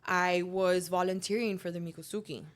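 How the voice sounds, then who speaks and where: A woman's voice: lowish voice, normal speed. A young woman, telling stories as a guest in a casual interview and acting out the voices of people she quotes. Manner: animated storyteller, acts out quoted dialogue. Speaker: guest, professional alligator wrestler. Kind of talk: casual storytelling in a podcast interview.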